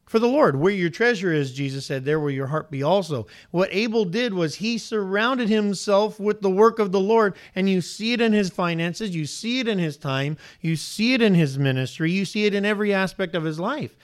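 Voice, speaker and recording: A man preaching a sermon to a congregation, animated and questioning, his pitch rising sharply on points of emphasis. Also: normal speed, hardly any pauses. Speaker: pastor.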